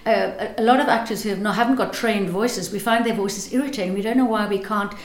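Articulate actress in an echoey room. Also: female voice, mid-range voice, fast talker. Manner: thoughtful, articulate, repeats words while searching. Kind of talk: interview answers.

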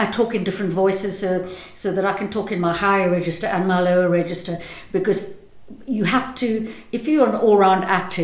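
A woman actress explains her craft in a thoughtful, articulate way, repeating words as she gathers her thoughts. Her voice sits at a middle pitch. The room around her is noticeably echoey. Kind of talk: interview answers.

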